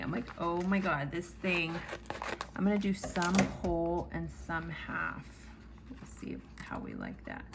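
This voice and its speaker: A woman chatting casually while she sets up a planner, telling a rambling, animated story with some casual swearing. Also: fairly low pitch, a little hiss or hum. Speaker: planner vlogger.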